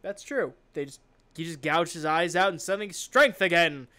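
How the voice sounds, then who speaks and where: A man's voice: a little high, normal speed, pushed and bright, no room sound. A man co-hosting a podcast in casual chat, ranting with plenty of swearing and exasperation. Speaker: podcast co-host.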